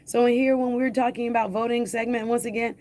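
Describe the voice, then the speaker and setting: A woman's voice: fairly high pitch, level tone, fast, warm tone. A woman hosting a radio talk show, speaking urgently and emphatically to her listeners, repeating key points and asking rhetorical questions.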